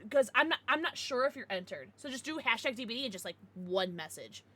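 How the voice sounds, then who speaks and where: Lively bright-voiced woman streamer. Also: on the high side, quick pace. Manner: excitable and swears freely; laughs and gasps often. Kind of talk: casual livestream chat with viewers.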